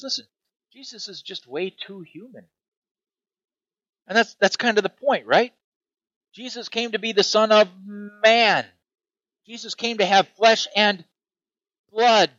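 Animated male pastor preaching, bright tone. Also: high-pitched, dry recording, dull audio. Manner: animated, rising into emphatic repeated phrases. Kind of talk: sermon.

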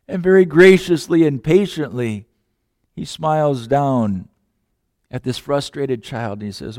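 A man preaching a sermon, with long pauses, shifting between loud emphatic lines and hushed quiet ones. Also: mid-range voice, no echo, studio quality. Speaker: pastor.

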